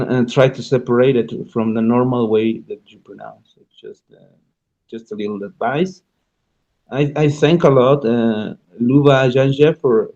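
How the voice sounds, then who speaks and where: Slow, halting man with a Spanish-speaking background. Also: mid-range voice, dark tone, muffled recording. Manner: halting, many restarts and fillers, thinking aloud. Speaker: radio show host. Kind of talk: unscripted radio talk about learning languages.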